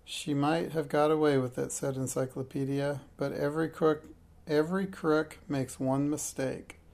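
Gravelly man reading a children's mystery. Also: fairly high pitch, moderate pace. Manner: plain steady reading with slips and self-corrections. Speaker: reader.

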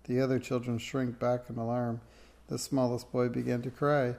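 A man reading a children's storybook aloud in a steady, expressive way. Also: medium pitch, normal speed, creaky. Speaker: narrator.

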